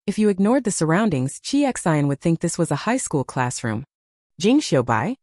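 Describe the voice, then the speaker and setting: A woman reading a novel aloud as audiobook narration, with expressive storytelling. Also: lowish voice, moderate pace, no echo, studio quality.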